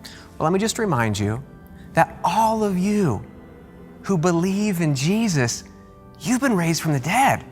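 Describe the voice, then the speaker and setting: A man preaching a sermon as pastor, emphatic and animated, repeating key words and jumping up in pitch to stress them. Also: unhurried, long pauses. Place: large church auditorium. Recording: long hall reverb with faint music.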